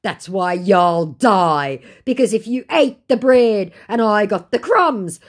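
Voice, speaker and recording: A woman voicing a cocky, menacing male online scammer, read out in a slow, drawn-out, mocking way. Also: mid-range voice, expressive, pitched above the performer's own voice. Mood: boastful.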